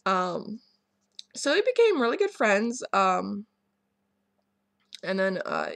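Rambling young woman with a gravelly voice. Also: mid-range voice, wildly swooping pitch, slow pace, a bit bright, no room sound, studio quality. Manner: rambling, many ums and restarts, candid. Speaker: vlogger. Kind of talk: personal storytelling rant to camera.

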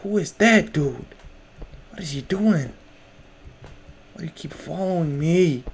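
A man's voice: on the high side, animated, unhurried, vocal fry, slight background noise. A young man playing a horror game, jumpy and nervous, talking to himself in casual slang. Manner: casual slang, lots of "bro". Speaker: gamer. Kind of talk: horror game let's play.

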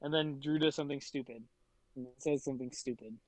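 A man's voice: mid-range voice, steady tone, fairly quick, dry recording, poor audio. A man co-hosting a podcast in casual, laid-back chat, laughing easily. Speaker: podcast co-host.

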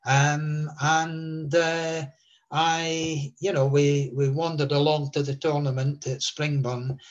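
A man in his seventies from Scotland, recalling old anecdotes in an interview with a rambling, halting delivery. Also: on the high side, little pitch movement, dull audio. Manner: rambling, many fillers and restarts.

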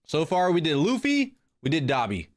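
A man's voice: on the high side, wildly swooping pitch, moderate pace, no echo, clean studio sound. A young man hosting a casual drawing livestream, laughing, swearing and chatting with his viewers. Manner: laughing, swearing, talking to chat. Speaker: livestream host. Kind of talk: casual live-stream chat while drawing.

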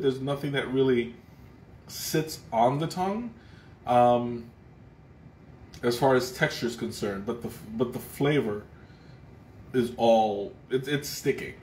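Rambling man in a roomy recording. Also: medium pitch. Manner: rambling, thoughtful, frequent restarts and fillers. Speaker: livestream tea taster. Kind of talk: casual live tasting chat. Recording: roomy echo, faint background noise.

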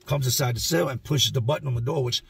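A man's voice: medium pitch, fast talker, gravelly. A man telling a story from his own past in a blunt, slangy, profane way. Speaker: vlogger.

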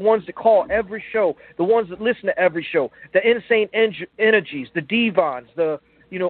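A man's voice: high-pitched, dry recording. A man calling in to a talk show, emotional and earnest, stammering and restarting as he keeps calling the host brother. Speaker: caller to a call-in show. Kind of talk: heartfelt call-in plea. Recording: tinny phone line.

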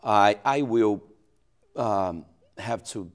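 Pastor, male, Brazilian Portuguese accent, very low voice, halting interview speech. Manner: hesitant, many restarts and fillers. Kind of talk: local TV interview.

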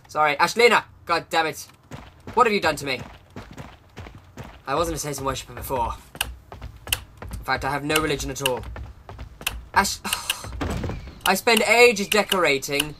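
A man's voice: on the high side, expressive, normal speed, pauses often, bright, forceful tone. A man casually commentating as he plays a horror game, joking, scolding the characters and swearing. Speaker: gamer playing a horror game. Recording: noisy home recording.

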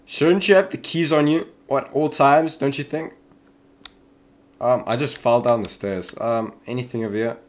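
At a moderate pace and in a steady tone, this young man's mid-range voice narrates a horror game he's playing for YouTube. He talks freely, startles easily, and reacts to scares with yelps, shouts, and plenty of "yo."

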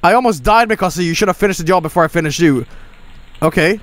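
Excitable young man streaming a game. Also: high voice, fast talker, a little hiss or hum. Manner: excitable, swearing, laughing, reading game lines aloud. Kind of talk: casual let's-play commentary.

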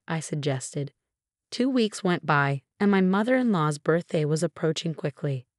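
A woman narrating a first-person story from a script, measured and even. Her voice sits on the low side, and the sound is very dry and close, with no room echo.

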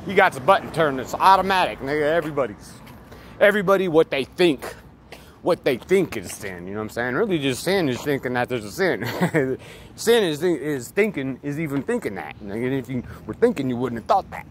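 A man's voice: medium pitch, big pitch swings, brisk. A man giving a rambling, profane, emphatic monologue outdoors near traffic. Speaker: vlogger. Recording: loud street and vehicle noise.

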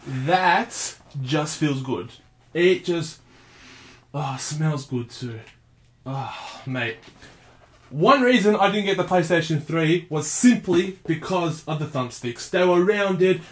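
A man with a fairly high voice, unboxing a game console on camera. He talks in an unhurried way but keeps getting excited, peppering everything with "mate". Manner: excitable, says mate a lot. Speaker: gaming vlogger. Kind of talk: casual unboxing chatter.

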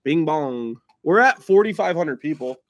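A young man from the United States hosting a rowdy drinking stream, loud, crude and teasing. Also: fairly high pitch, animated, moderate pace, a little hiss or hum. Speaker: streamer host.

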